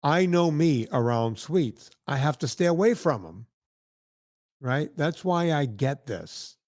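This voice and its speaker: Slow and expressive, his slightly high voice carries a darkish tone in a dry, studio-quality recording. He's a podcast host spinning rambling anecdotes in easygoing chat, frequently tacking on "right?".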